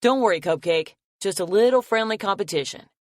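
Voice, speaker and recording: A woman voicing a cocky grown man who teases his friends and calls out loudly. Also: lowish voice, fairly quick, no room sound, clean studio sound, voice pushed up, natural voice. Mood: teasing. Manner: loud, teasing, calls out across a yard.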